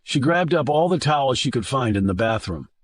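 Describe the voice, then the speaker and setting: A man reading a thriller novel aloud as an audiobook narrator, with a steady, measured delivery into a close studio mic. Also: mid-range voice, no echo. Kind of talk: scripted narration.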